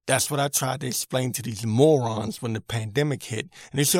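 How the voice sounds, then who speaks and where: A man's voice: mid-range voice, fairly quick, darkish tone, dry recording, studio quality. A man hosting his own podcast, giving an irritated, emphatic opinion rant and repeating his points for emphasis. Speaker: podcast host.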